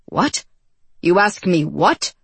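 A man's voice: sits high, very animated, takes it slowly, gravelly, a bit bright, breathy edge, dry recording, full character voice. A woman reading a storybook voices a gloomy, despairing male court astronomer who talks to his servant with exasperation and scorn. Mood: exasperated.

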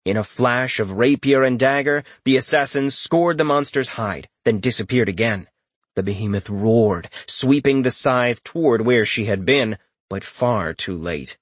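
A man's voice: mid-range voice, measured pace, no room sound. Man narrating a fantasy audiobook.

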